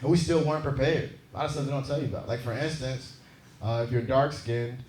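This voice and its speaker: A man's voice: mid-range voice, fairly even intonation, fast, slight background noise. A young man from Seattle doing a stand-up comedy set on a club stage, chatting with and teasing the crowd. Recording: roomy club sound, loud crowd laughter.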